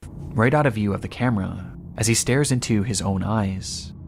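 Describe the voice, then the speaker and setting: A man reading scripted documentary narration in a measured, grave way. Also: lowish voice, vocal fry, background noise. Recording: played back from a video.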